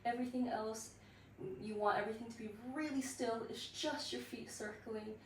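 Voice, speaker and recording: A woman leading a pilates class, giving slow counting cues with light laughs and sounding out of breath. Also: fairly high pitch, fairly even intonation, a little hiss or hum. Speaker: pilates instructor. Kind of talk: guided workout class. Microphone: built-in device mic. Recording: echoey room, far from the mic.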